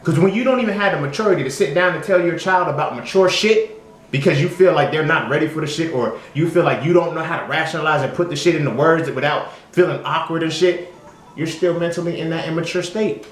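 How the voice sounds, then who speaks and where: A man speaking in a somewhat high register. He delivers an emphatic, profane monologue in a casual vlog style and keeps checking in with "you feel me?" The recording carries a noticeable room echo. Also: fast, slight background noise. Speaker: vlogger. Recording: echoey room.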